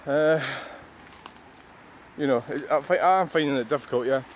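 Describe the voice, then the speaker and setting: A man's voice: fairly high pitch, moderate pace, slight background noise. A Scottish man in his sixties, a vlogger, rambling through a reflective monologue with wry, self-mocking asides. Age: 60s.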